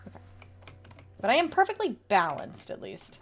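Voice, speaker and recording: A young woman streaming a game, chatting casually, swearing and reacting excitedly while she plays. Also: high voice, normal speed. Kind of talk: playing a game on stream and reading dialogue aloud. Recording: faint music behind.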